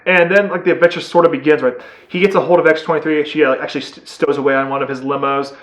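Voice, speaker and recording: A man giving a casual, excitable movie review, rambling with lots of fillers. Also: a little high, fast talker, roomy sound.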